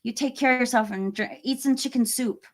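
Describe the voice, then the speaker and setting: A woman's voice: a little high, brisk. A middle-aged woman chatting casually on a live stream, reading viewer comments, laughing often and trailing off mid-sentence. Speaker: horror YouTuber hosting a live stream.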